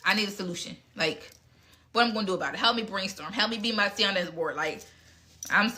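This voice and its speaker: Blunt, bright-voiced woman answering questions. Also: mid-range voice, brisk. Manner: frank and blunt, with mild cursing. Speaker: speaker answering audience questions. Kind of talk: casual live Q&A talk.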